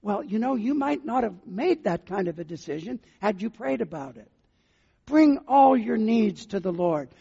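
A man's voice: high voice, expressive, moderate pace, creaky, mellow, husky. An older man preaching a sermon as a pastor, earnestly putting questions to his listeners. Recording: muffled sound with long hall reverb.

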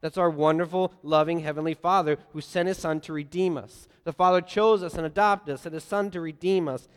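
Male preacher, fairly high smooth voice, animated storyteller, big echoing sanctuary. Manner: lively storytelling with playful voiced asides. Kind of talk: sermon. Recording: long hall reverb.

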